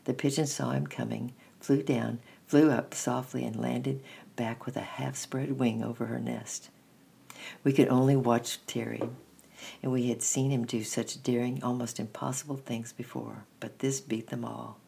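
A man reading a children's story aloud in a steady, measured first-person narration. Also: medium pitch, vocal fry, breathy edge.

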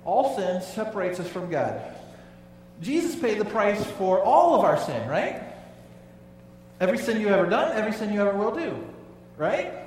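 A man's voice: high-pitched, sing-song, moderate pace, a little mellow, slight background noise. A male pastor preaching a sermon, emphatic and conversational, often asking the congregation questions. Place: church sanctuary. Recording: echoey hall, voice from far off.

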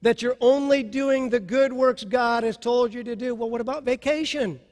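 A male pastor preaching a sermon with passion, dropping soft and then rising to loud. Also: very high voice, normal speed, big-room sound.

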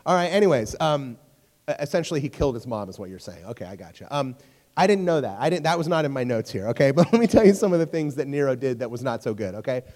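A young man giving a sermon as a youth pastor, telling stories in a joking, animated way and talking straight to his audience. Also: medium pitch, quick pace. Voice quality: storytelling, jokey and animated, talks to crowd. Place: church hall. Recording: long hall reverb.

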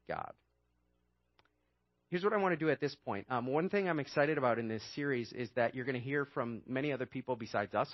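Earnest pastor, dry dull sound. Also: male voice, mid-range voice, no room sound. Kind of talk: sermon and panel moderation.

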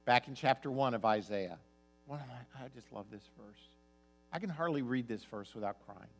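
A man preaching a sermon as pastor, telling stories, his voice swinging from loud emphasis to soft, quiet asides. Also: mid-range voice, animated, moderate pace, faint music behind.

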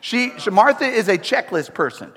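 A male pastor preaching a sermon in an animated style, repeating himself and throwing in humorous asides. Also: high voice, normal speed, breathy edge. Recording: echoey hall.

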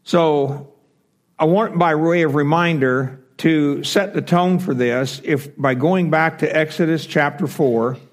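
A man's voice: on the high side, slow pace. A man teaching a Bible class, explaining step by step with fillers and self-corrections.

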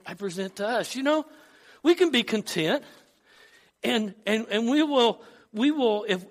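High-voiced man preaching a sermon. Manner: storytelling with repeated restarts, rising to fervor when quoting. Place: church.

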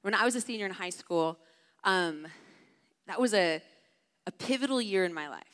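A woman's voice: medium pitch, lively intonation, normal speed, a bit bright. Chatty woman preaching in a big hall. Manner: casual, chatty, heavy use of "like". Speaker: camp speaker. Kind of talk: storytelling sermon. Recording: long hall reverb.

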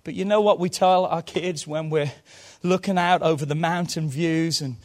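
A man preaching a sermon in a church service, moving fervently from quiet low asides to loud shouted calls. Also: steady tone, moderate pace. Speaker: pastor.

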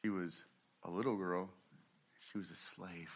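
A man preaching a sermon, acting out the people in his story and swinging from hushed, slow passages to loud, fast ones. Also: low voice, fairly even intonation, slightly rough. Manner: dramatic preaching, acts out quoted voices, swings from hushed to loud. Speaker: pastor.

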